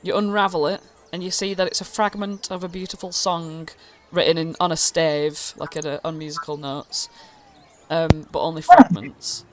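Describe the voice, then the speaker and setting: A woman's voice: low-pitched, little pitch movement, normal speed, slight background noise. A woman narrating as game master, casual and rambling.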